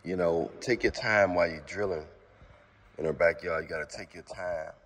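Deep-voiced man rambling in a reverberant room. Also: moderate pace, fairly bright tone. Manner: rambling, repeats himself with constant fillers. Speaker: vlogger giving relationship advice. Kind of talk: casual monologue to camera. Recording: long hall reverb.

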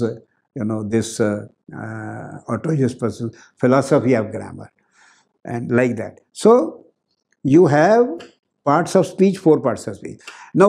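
Older Indian man lecturing, mellow voice. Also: medium pitch, vocal fry. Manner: explanatory, repeats key words, slips into Hindi asides. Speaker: professor giving a talk on grammar.

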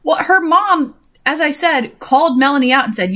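A young woman with a fairly high voice reads a story aloud. She keeps stopping to mock it in a sarcastic, exasperated way. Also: expressive, moderate pace, a bit bright. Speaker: reader and commentator. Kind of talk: reading a story aloud with mocking asides.

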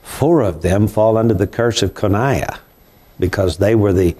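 A man's voice: fairly low pitch, moderate pace, warm tone. An older man, hosting a conversational Bible study in a folksy, emphatic way. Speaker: Bible prophecy show host.

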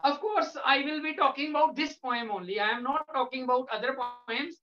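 A male English lecturer with an Indian English accent, patiently explaining to a class with frequent pauses. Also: very high-pitched, sharp tone. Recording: echoey room, dull lo-fi sound.

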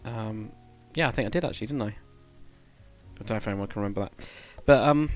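A man's voice: lowish voice, fairly quick. Man, casual rambling stream chat, faint background music. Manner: rambling, self-correcting, chatty with viewers. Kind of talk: casual live-stream chat while building.

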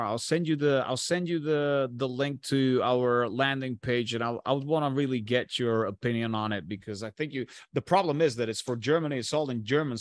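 A man's voice: medium pitch, no echo. A man hosting a podcast, talking casually and swearing freely, often stumbling and restarting. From Bulgaria. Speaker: podcast host.

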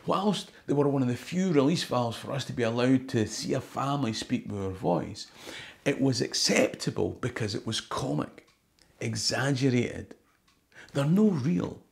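A man's voice: mid-range voice, expressive, normal speed, gravelly. Scottish guy chatting to camera, wry, swoops up and down a lot. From Scotland. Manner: chatty and wry, mixes Scots words into English. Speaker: history tour guide and channel host. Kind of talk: casual talk to camera.

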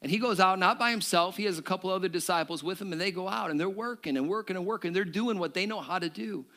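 Bright, high-voiced preaching man. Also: fast. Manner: animated, joking with the congregation. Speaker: pastor. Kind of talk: sermon. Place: church service.

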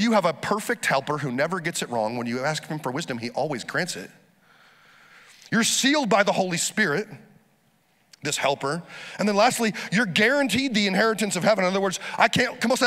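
A pastor delivering a lively sermon, urging the congregation to repeat phrases after him. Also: male voice, high-pitched, long reverb tail.

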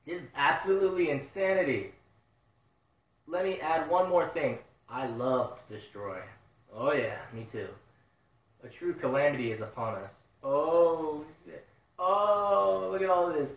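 A man reading a manga chapter live and reacting with excited, profane outbursts. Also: fairly high pitch, unhurried. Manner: excitable, swears a lot, loud outbursts. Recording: roomy sound, mic at a distance.

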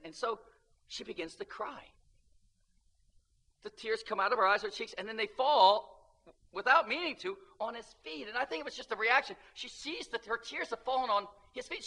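A male preacher delivers a sermon in an emphatic, animated way and calls for amens. His voice sits high and swings widely in pitch. His tone is very bright and forceful.

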